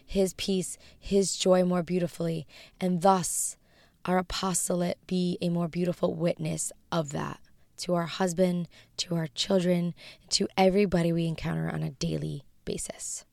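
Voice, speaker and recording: A woman hosts a devotional show, teaching and leading spoken prayer. Her voice is raspy and low-pitched, and she speaks gently, often falling to a whisper. The sound is close and dry, with no room around it. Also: little pitch movement, moderate pace, no room sound. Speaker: podcast host.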